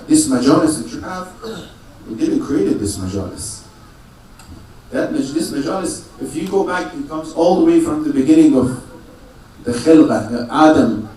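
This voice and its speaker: This religious sermon comes from a man whose somewhat high voice carries a darkish tone, picked up by a distant mic in an echoey prayer hall with faint background noise. Questions he raises rhetorically get answered by him, and certain phrases return over and over.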